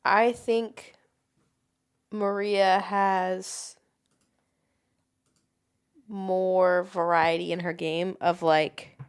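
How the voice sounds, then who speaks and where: A woman co-hosting a podcast in casual chat, relaxed and talking in loose run-on thoughts. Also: on the low side, extremely slow, long pauses, clean tone. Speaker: podcast co-host.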